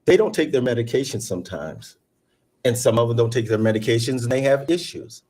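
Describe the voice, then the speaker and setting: Man, panelist, earnest, halting, repeats himself, casual chat. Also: mid-range voice, expressive, darkish tone. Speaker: talk show panelist. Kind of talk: casual round-table chat.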